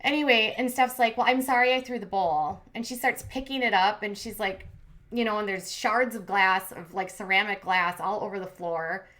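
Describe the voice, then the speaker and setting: A woman with a bright, forceful, mid-range voice and fairly even intonation recaps a reality show on her commentary channel at a moderate pace. She's chatty and opinionated, leaning heavily on "like" and "um" while cheering and scolding the people she recaps.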